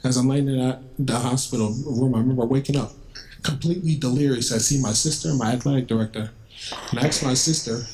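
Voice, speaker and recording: A man's voice: medium pitch, fairly even intonation, quick pace, darkish tone, slight background noise, low-quality recording. A man speaking as a guest at a school, telling students a personal story in a conversational, vivid way and acting out the dialogue he remembers. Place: school, indoors.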